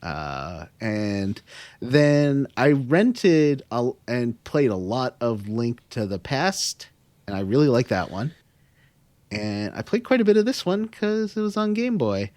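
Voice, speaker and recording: Male podcast host, casual rambler, mid-pitched, dry close mic. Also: very animated, takes it slowly, a little mellow, no room sound. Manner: rambling, self-deprecating, trails off with fillers. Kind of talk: casual gaming podcast chat.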